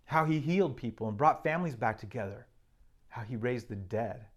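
A man's voice: medium pitch, lively intonation, fairly quick. A man preaching a sermon, earnestly reading and explaining scripture with emphasis.

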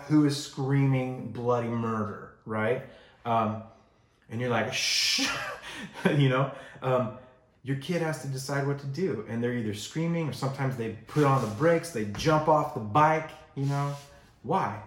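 A man's voice: mid-range voice, normal speed. Conversational male pastor in a roomy church. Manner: conversational, acts out quoted voices. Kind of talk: sermon. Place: church sanctuary.

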